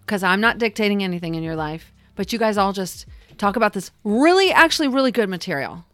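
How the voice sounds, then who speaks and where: A woman's voice: mid-range voice, lively intonation, fast, no echo. A woman who leads a church group, talking about her faith in a heartfelt, emphatic way on a casual podcast. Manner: warm storytelling, heartfelt, emphatic.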